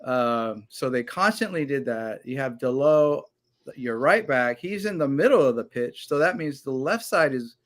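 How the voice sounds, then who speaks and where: A man's voice: mid-range voice, lively intonation, moderate pace. A man co-hosting a casual sports talk show, animatedly breaking down tactics and swearing now and then.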